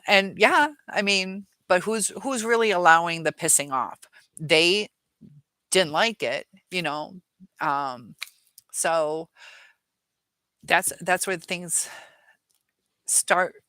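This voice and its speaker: A woman's voice: lowish voice, measured pace, pushed and bright, dry recording. A woman, a teacher, talking casually on a livestream with lots of fillers, acting out quoted lines and reading viewer questions. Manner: rambling, many fillers, acts out quoted lines in a livelier voice. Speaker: teacher and relationship-advice creator.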